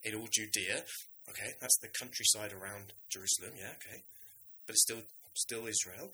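A man preaching a sermon in a lively, conversational way, now and then acting out the voices of biblical figures. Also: lowish voice, normal speed, slight background noise, poor audio.

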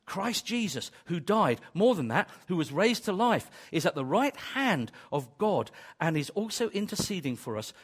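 A man's voice: a little high, breathy edge. A man preaching a sermon, emphatic and repetitive, with joking asides. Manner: emphatic, repetitive, builds to exclamations.

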